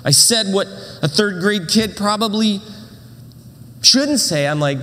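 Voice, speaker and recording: A middle-aged male pastor telling a story in a sermon with animated, dramatic delivery and frequent self-interruptions. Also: sits high, a little slow, slight background noise. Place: church auditorium. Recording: long hall reverb.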